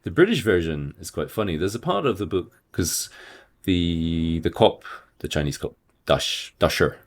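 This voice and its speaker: A man co-hosts a book podcast, chatting casually about books as an animated storyteller who laughs and mimics voices playfully. His voice sits low, and he speaks at normal speed.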